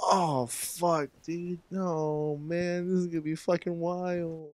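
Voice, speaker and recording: An excitable young man reacts out loud, his fairly high voice jumping between shouted exclamations and muttered asides. He swears freely and talks to the viewer like a friend in casual commentary. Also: very slow, pauses often, no echo. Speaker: reaction video host.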